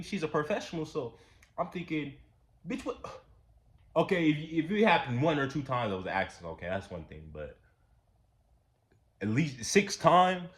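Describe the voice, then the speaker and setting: A man rants in loose, profane commentary, his voice swooping up and down as he circles back over the same points. He pushes into near-shouts when he gets heated, then drops low and muttering again. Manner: animated, repetitive, profane, rising to near-shouts when worked up. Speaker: commentary channel host. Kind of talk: casual ranting commentary.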